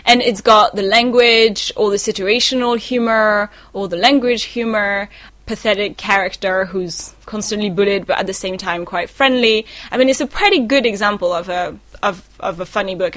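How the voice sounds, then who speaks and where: A woman's voice: medium pitch, moderate pace, fairly bright tone, dry recording. A young woman co-hosting a podcast, talking in a thoughtful, chatty way with fillers and small self-corrections. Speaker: podcast co-host. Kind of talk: casual chat.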